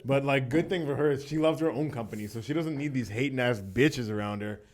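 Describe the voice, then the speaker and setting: A man's voice: medium pitch, fairly quick, darkish tone. A man appearing as a guest on a podcast, explaining things in a playful way and giggling as he talks. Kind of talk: casual comedic chat.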